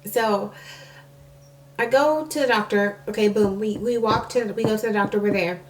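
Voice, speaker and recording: A young woman who is both a nursing student and a mother rambles through a storytime to camera, her talk packed with "like" and restarts. Her mid-range voice moves at a moderate pace and sounds a bit distant from the mic.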